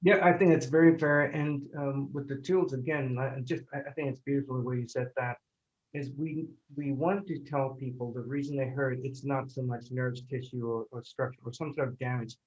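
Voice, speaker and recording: A man's voice: medium pitch, steady tone, darkish tone. A pain psychologist explaining his approach in conversation, hesitant and full of fillers and restarts. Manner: halting, many fillers and restarts. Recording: dull lo-fi audio.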